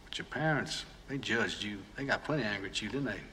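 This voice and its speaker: An actor playing a soft-spoken, menacing ex-convict with a Southern accent, speaking slowly and coaxingly in a film clip. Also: male voice, lowish voice, animated, slight background noise. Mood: coaxing menace. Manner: slow, coaxing, quietly threatening. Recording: film clip with long reverb, faint ambience.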